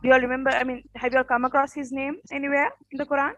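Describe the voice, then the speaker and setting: A woman teacher with a rough morning voice tells a story to her class in a casual way, often saying "okay" and stopping to ask the class questions. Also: high voice, level tone, rapid-fire, fairly bright tone, no room sound, rough recording. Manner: peppers speech with "okay" and quiz questions.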